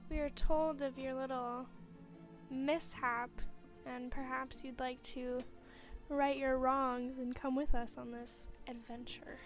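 A woman's voice: sits high, flat delivery, takes it slowly, soft background music. A woman playing a tabletop game, speaking in character and making wry remarks. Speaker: player.

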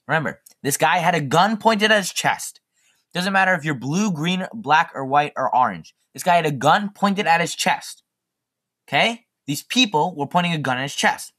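A man's voice: fairly high pitch, expressive, moderate pace, bright, forceful tone. A teenage boy hosting his own podcast, rambling through jokey, chatty asides in a casual solo monologue. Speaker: podcast host.

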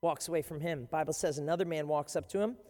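A pastor preaching a sermon with animated, emphatic storytelling. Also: medium pitch, fast talker. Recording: long hall reverb.

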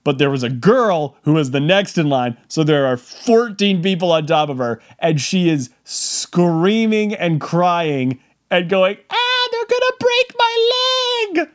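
A man hosting a podcast, telling a comic story in a casual, animated way and acting out the quotes. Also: a little high, measured pace. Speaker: podcast host.

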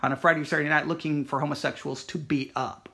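High-voiced rambling Christian talk host. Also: male voice, fast, gravelly. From Texas, USA. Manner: rambling, animated, frequent restarts and fillers. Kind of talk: casual monologue.

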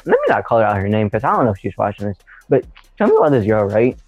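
A man's voice: on the low side, big pitch swings, very fast, dry recording, soft background music. A young man telling a story in rambling, slangy casual chat, laughing along. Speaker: podcast co-host. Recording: dry, tinny phone-like sound.

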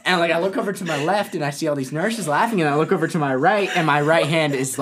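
A young man casually telling a story, animated and often laughing. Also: fairly high pitch, brisk, very noisy.

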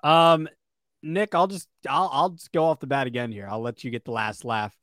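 A man's voice: mid-range voice, fairly even intonation, normal speed, a bit bright, no echo, clean studio sound. A man co-hosting a casual sports podcast, rambling with fillers and restarts. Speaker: podcast co-host.

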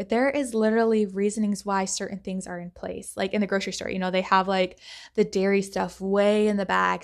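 A young woman hosting a solo podcast, talking casually with lots of fillers and acting out her own thoughts in quotes. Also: mid-range voice. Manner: chatty, rambling, many fillers; animated, acts out quoted thoughts. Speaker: podcast host.

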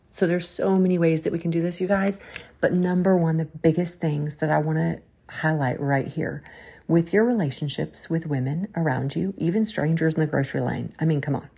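A woman's voice: low voice, gravelly, mellow, slightly rough. A woman with a Southern drawl hosting a podcast, giving folksy, preachy faith-based encouragement. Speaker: podcast host.

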